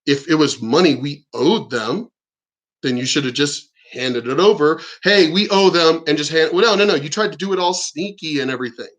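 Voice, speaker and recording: High-voiced man in a profane rant. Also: fairly quick, a bit bright. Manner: angry, profane, rambling. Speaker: channel host. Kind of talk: profane political rant vlog.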